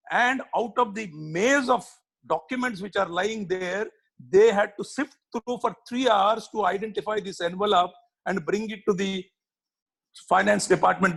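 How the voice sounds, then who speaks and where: A man's voice: sits high, gravelly, a bit bright, low-quality recording. A man speaking earnestly as a panelist on a video call and sharing an example from his company. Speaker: panelist, business leader. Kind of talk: panel discussion.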